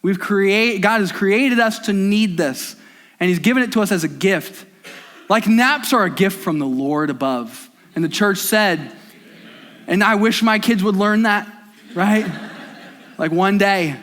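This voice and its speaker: High-voiced man preaching with emphasis. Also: fairly bright tone. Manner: emphatic, repetitive preaching with rising intensity. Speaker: pastor. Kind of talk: sermon.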